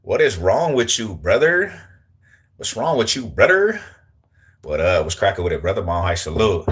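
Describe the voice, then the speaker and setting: Young male streamer, deep low voice, casual and joking, lots of slang, talks straight to chat. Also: a bit bright. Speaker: livestream host.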